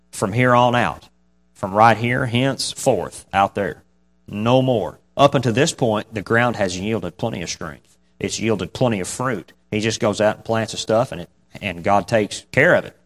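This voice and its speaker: Folksy preacher man, lowish voice. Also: a little slow. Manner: folksy, conversational, chuckles between points. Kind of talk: casual sermon.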